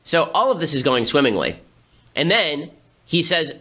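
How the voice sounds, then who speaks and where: A man delivers a quick political commentary monologue, full of sarcasm and disbelief. His voice sits somewhat high for a man. It has a bright, forceful edge. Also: big pitch swings. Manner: fast, sarcastic and incredulous.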